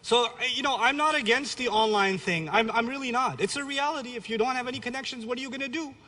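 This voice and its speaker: Man giving a religious lecture, high bright voice, blunt and joking, long hall reverb. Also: quick pace. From Pakistani family, raised in New York City. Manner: blunt, humorous, exhorting. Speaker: Islamic lecturer.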